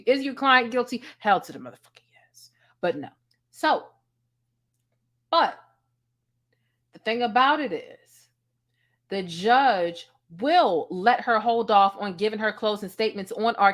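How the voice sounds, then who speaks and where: A woman's voice: mid-range voice, a bit bright. A woman giving casual commentary as a vlogger, blunt, sassy and profane as she sums up a court day from home.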